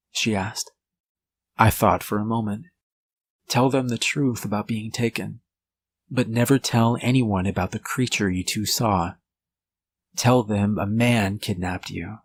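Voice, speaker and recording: A man giving a measured, scripted first-person narration of a horror story. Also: fairly low pitch, breathy edge. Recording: faint music bed under voice. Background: soft background music.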